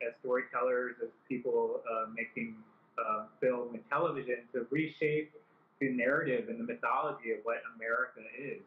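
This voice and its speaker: A man, a film director, talking thoughtfully as a guest with many ums and restarts. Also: medium pitch. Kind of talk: casual interview chat. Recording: tinny echoey call audio.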